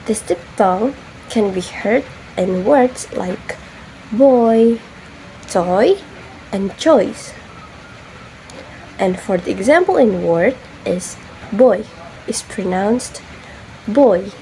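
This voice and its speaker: Young woman, student presenter, very slow delivery, soft mellow tone, spells words out. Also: mid-range voice, lively intonation, a little hiss or hum, low-quality recording. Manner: careful, spells words out letter by letter. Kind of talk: classroom presentation.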